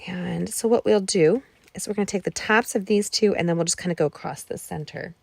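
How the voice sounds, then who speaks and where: A woman's voice: fairly low pitch, fairly quick, creaky, darkish tone, breathy edge, no room sound. A woman in her forties hosting a live card-making class, chatting and telling stories while she works. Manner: chatty, storytelling asides while crafting. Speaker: craft class host. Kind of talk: live crafting demo chat.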